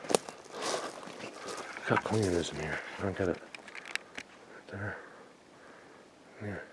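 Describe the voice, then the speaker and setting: A man vlogging outdoors in a forest, excitedly showing viewers what he finds and sometimes dropping to a whisper. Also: sits low, takes it slowly, heavy background noise. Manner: excited, talks to viewers, drops to a whisper at times. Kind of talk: outdoor exploring vlog.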